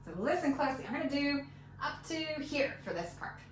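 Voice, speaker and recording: A woman giving a one-on-one fiddle lesson, patient and encouraging, counting beats out loud. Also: sits high, animated, brisk, over loud music. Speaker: fiddle teacher. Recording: roomy, mic at a distance, fiddle playing.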